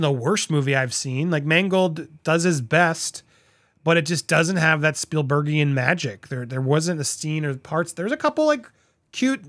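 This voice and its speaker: High-voiced man reviewing a film. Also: no echo, clean studio sound. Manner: conversational, rambling with restarts and asides; animated, voices other people's reactions. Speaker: movie reviewer. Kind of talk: casual spoken film review.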